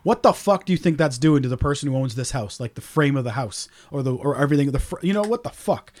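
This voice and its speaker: A man hosting a podcast, swearing freely in a ranting, animated casual chat. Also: mid-range voice, fast. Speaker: podcast host.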